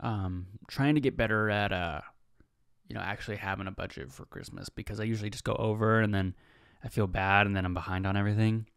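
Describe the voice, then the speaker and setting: A man's voice: lowish voice, fairly even intonation, fast talker, a bit bright, clean tone, dry recording, clean studio sound. Laid-back young man telling stories. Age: 20s. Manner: rambling, laid-back, says "man" a lot. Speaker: podcast host. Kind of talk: casual storytelling monologue.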